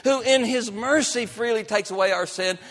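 A male pastor preaching a sermon with dynamic delivery, swinging between loud emphatic lines and soft hushed ones. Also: high voice, normal speed, long reverb tail.

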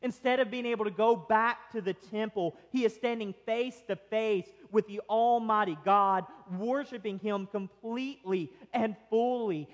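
A male pastor preaching a sermon, swinging between loud excitement and soft quiet. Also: high voice. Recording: long hall reverb.

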